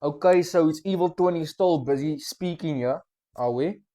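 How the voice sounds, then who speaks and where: A man's voice: fairly high pitch, normal speed, soft background music. A young man, reacting to a rap track and eagerly explaining the lyrics in casual, slangy talk. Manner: excited, explains lyrics, mixes slang and swearing. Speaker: music reaction host.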